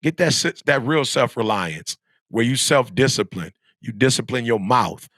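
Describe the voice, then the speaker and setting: A man's voice: mid-range voice, lively intonation, moderate pace, fairly bright tone, no echo, studio quality. A middle-aged man giving an emphatic, repetitive motivational talk to young students, like a preacher. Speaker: motivational speaker.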